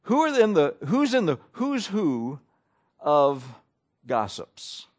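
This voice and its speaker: Male preacher, higher-pitched, very lively delivery, conversational sermon full of rhetorical questions. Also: slow pace.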